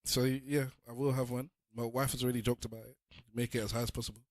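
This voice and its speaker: A man chatting earnestly with friends on a casual podcast, his voice at an everyday middle pitch. The sound is dry and close, with no room around it. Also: little pitch movement, fast talker, no echo. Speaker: podcast co-host. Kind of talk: casual banter among friends.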